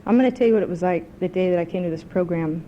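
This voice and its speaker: A woman tells her story at a recovery meeting in a relaxed, mellow voice. She talks in a chatty, self-mocking way through a podium mic. A faint hiss sits under her voice. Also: fairly low pitch, racing, highs cut off. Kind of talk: personal recovery talk with a told joke. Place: club meeting room.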